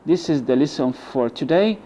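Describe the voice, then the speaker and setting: A man teaching English pronunciation, repeating model words slowly between explanations. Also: fairly high pitch, animated, dark tone, slight background noise. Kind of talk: pronunciation lesson. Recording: dull lo-fi sound.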